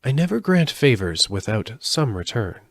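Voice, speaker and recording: A man voicing a lovely, powerful winged lady in a storybook reading, measured and haughty as she bargains. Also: medium pitch, big pitch swings, dry recording, clean studio sound, voice pushed up.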